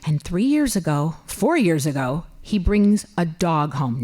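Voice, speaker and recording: Lively fifty-something woman telling a story. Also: deep voice, unhurried. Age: 50s. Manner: animated, comic, voices her own exclamations loudly. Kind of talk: personal storytelling on stage. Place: library event hall.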